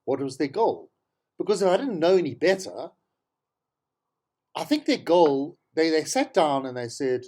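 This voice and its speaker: A South African man talks through the news in an opinionated monologue. He sounds exasperated and sarcastic and hammers points home by repeating them. His voice is very animated, jumping from low mutters to high, incredulous peaks. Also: normal speed, long pauses. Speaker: talk show host. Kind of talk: opinionated political commentary monologue.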